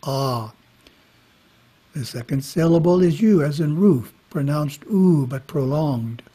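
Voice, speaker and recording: A man giving a spiritual talk, reading scripture in a measured way with brief casual asides. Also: a little high, warm tone, slightly rough. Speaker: monastery teacher. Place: monastery. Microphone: webinar microphone.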